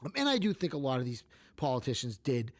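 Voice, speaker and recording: A man's voice: mid-range voice, sing-song, fast. A man co-hosting a casual political podcast, rambling and filling his talk with "like.". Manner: rambling, heavy use of "like". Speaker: podcast co-host.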